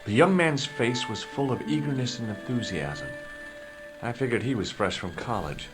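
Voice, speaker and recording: A man playing a wisecracking male detective in a game, dry and sardonic, animated pitch. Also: moderate pace, lightly acted. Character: wry adult male detective, dry humor. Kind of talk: game narration and dialogue. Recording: game audio with faint music.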